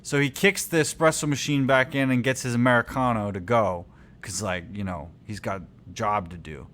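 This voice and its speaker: Bright rowdy man riffing on a movie. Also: mid-range voice, normal speed. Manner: rowdy, joking, silly voices. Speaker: podcast co-host.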